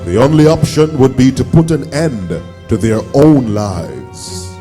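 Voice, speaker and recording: A man narrating a play as a storyteller, steady with occasional fillers. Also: medium pitch, measured pace, big-room sound, faint music behind.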